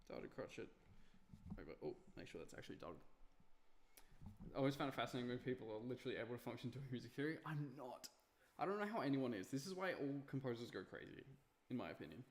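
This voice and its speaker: A man's voice: medium pitch, creaky. A young man streaming himself at work, muttering notes to himself with self-mocking asides. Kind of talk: casual live-stream talk while working.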